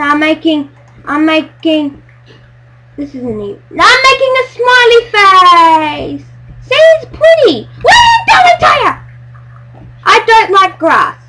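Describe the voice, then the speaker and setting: A woman chatting excitedly while playing a building game with friends, silly and bubbly, breaking into squeals. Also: high-pitched. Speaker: gamer playing on a friend's server. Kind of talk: excited let's-play chatter.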